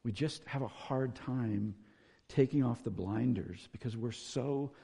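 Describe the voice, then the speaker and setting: Gravelly, husky-voiced male preacher. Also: medium pitch, measured pace, warm tone, long reverb tail. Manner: earnest, rising to emphatic when reading scripture. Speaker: pastor. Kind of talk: sermon.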